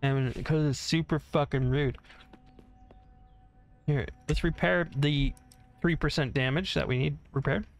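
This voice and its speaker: A gaming channel host gives casual let's-play commentary on his own gameplay, rambling, swearing freely and humming to himself, recorded on a desk mic separate from his headset. His slightly high voice has fairly even intonation and a measured pace with frequent pauses. Faint music plays behind him.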